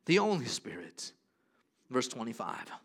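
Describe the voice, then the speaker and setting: A man preaching a sermon, emphatic and repetitive, moving between soft, low passages and loud, rising declarations. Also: wildly swooping pitch, a little slow.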